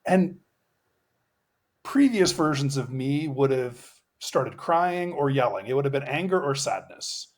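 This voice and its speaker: A man's voice: mid-range voice, expressive, a little slow. A middle-aged man, an executive coach, telling a personal story in a podcast interview, reflective and earnest, with many fillers and restarts.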